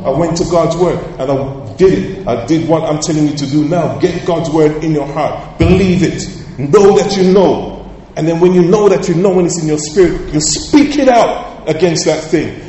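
A man's voice: fairly high pitch, a little hiss or hum. Preaching man in an echoey hall. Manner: emphatic preaching with sudden loud outbursts. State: coughing, slightly hoarse. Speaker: pastor. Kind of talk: sermon. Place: large church hall. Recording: echoey hall, heard from far off.

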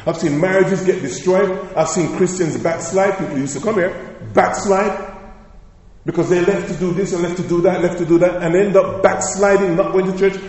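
A man's voice: high-pitched, darkish tone. A male pastor preaching a sermon with emphatic declarations, repeated phrases and rhetorical questions, in a church. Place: church sanctuary. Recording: echoey church hall with long reverb.

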